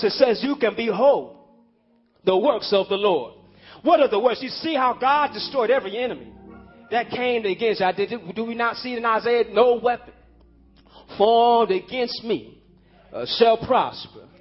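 A male preacher delivering a fervent sermon, his voice set unusually high with a husky edge. He hammers his points, repeats them and rises to shouts. The recording is muffled and lo-fi. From Illinois. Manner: fervent, emphatic, rising to shouts. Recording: dull lo-fi audio.

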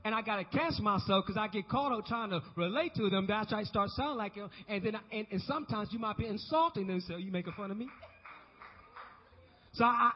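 Male pastor, high husky voice, call-and-response sermon, long church reverb. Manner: call-and-response preaching, asks congregation to repeat. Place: church sanctuary. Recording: dull recording with long hall reverb.

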